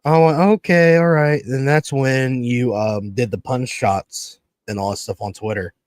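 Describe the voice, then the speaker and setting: A man's voice: mid-range voice, unhurried, darkish tone, no echo. Rambling, swearing man on a podcast. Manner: rambling, swears often, acts out quotes. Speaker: podcast co-host. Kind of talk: casual chat.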